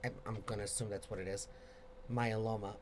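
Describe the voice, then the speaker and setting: A man hosting a casual live question-and-answer video, talking in a rambling, expressive, chatty way. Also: on the low side, a little fast, a little hiss or hum. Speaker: host answering viewer questions.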